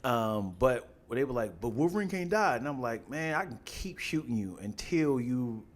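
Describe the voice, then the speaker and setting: Animated man in casual podcast chat. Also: medium pitch, normal speed. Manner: animated, acts out quotes in put-on voices. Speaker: podcast co-host.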